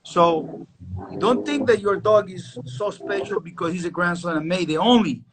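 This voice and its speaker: A man hosting a live-stream chat as a dog breeder, telling stories in an emphatic, animated way. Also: high-pitched, moderate pace, background noise.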